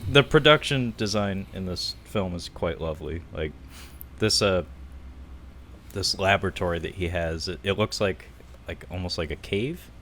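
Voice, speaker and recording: A man co-hosting a casual film podcast, chatty and quick to laugh, full of "like" and "uh". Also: low voice, fairly bright tone, a little hiss or hum. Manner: chatty, laughs often, many fillers like "like" and "uh". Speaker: podcast co-host.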